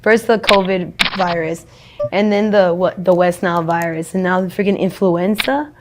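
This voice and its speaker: A woman's voice: lowish voice, normal speed. Woman interviewee, rambling blunt talker who swears a lot, noisy street recording behind her.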